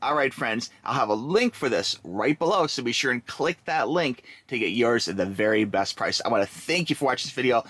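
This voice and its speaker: A man's voice: medium pitch, expressive, a little fast, few pauses, fairly bright tone, no room sound, poor audio. A middle-aged man casually commenting on retro video games as he plays, chatty and rambling with lots of ums and restarts. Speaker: retro game reviewer.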